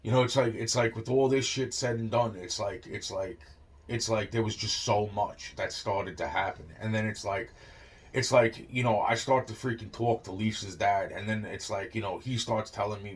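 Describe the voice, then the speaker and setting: A man's voice: fairly low pitch, moderate pace. A young man telling a long rambling story, swearing constantly and looping on filler phrases. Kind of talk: rambling monologue.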